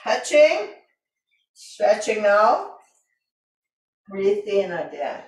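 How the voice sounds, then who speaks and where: A woman teaching a tai chi class, calmly repeating breathing cues in simple, broken grammar. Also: medium pitch, very slow. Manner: calm, repetitive breathing cues, simple non-native grammar. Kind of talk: guiding an exercise class. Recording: echoey room, voice from a distance.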